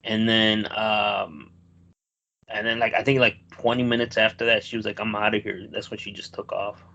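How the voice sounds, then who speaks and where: A man co-hosts a podcast in a relaxed, rambling way, swearing as he tells his story. His voice has a gravelly, fry-heavy edge at a middling pitch. The audio is dull and lo-fi. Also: moderate pace. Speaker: podcast co-host. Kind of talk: casual chat.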